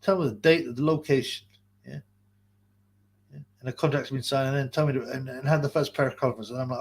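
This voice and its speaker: Husky man ranting on a livestream. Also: medium pitch. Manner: profane, rambling, quick to laugh. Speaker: livestream host. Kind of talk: casual livestream chat.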